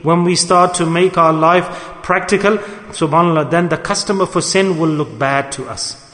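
A man preaching, his voice pitched high. He delivers his sermon with animation, slipping into the voices of the people he quotes. The sound rings with long echo, as if in a large hall. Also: normal speed, fairly bright tone. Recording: echoey hall.

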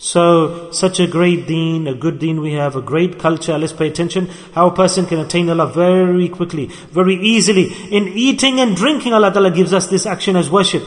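A man preaches with a high, animated voice, acting out quoted speakers as he goes. His words ring out with a long reverb, as in a large hall. He works religious terms into his talk. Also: brisk, hardly any pauses. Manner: animated, acts out quoted people, mixes Arabic and Urdu terms. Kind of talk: sermon.

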